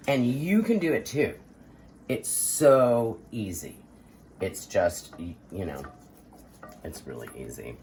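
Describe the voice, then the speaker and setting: A woman's voice: very deep voice, animated, slow, pauses often, a little mellow, a little hiss or hum. An older woman hosting a casual home cooking demonstration, playful and theatrical, joking about her own skills. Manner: playful, theatrical, self-mocking boasts. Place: home kitchen.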